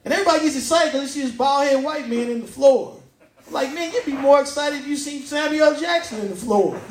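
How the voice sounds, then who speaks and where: High-voiced man doing stand-up in a pub. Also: brisk, roomy sound, slight background noise. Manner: chatty, asks the crowd questions, laughs at own jokes. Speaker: stand-up comedian. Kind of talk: stand-up comedy set. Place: pub stage.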